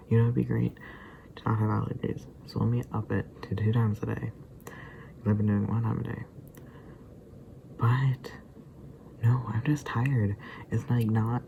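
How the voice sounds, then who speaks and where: A man's voice: on the low side, gravelly, noisy background. A tired, sleepy man rambling casually to the camera, sometimes drifting into muttered whispers. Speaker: vlogger.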